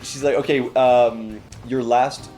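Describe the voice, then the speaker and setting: Young man telling a lively story. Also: medium pitch, slow, soft background music. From Canada. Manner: animated storyteller, swears, acts out quoted voices. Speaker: podcast co-host. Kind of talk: casual storytelling chat.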